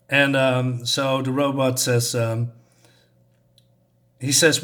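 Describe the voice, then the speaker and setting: A man's voice: medium pitch, level tone, slow, pauses often, a bit bright. A man casually reviewing a comic book on his channel, talking in a loose, hesitant, rambling way as he recaps the story.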